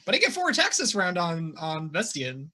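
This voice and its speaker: A man's voice: sits high, huge pitch swings, moderate pace, background noise. A man running a tabletop role-playing game as dungeon master, narrating the action playfully.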